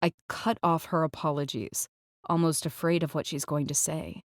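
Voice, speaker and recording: A woman reads a first-person audiobook in a measured, clipped way with tension under the lines. Her voice is on the lower side. The sound is close and dry, with no room echo. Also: steady tone. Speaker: audiobook narrator. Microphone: close studio mic.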